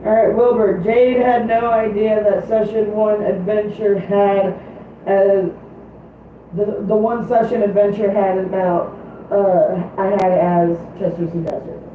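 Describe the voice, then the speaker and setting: Woman, livestream co-host, hoarse, profane and quick, distant mic in a boomy room. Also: fairly even intonation, very echoey, narrow, tinny audio, slight background noise. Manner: swears freely, rapid storytelling. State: voice getting hoarse. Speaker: streamer co-host. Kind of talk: casual livestream chat.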